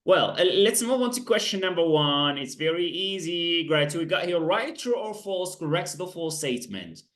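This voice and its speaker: A man's voice: on the high side, lively intonation, normal speed, fairly bright tone. A man tutoring English over a video call, praising and correcting pronunciation. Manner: encouraging, corrects pronunciation, mixes in French and Darija. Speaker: English teacher. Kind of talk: online tutoring lesson.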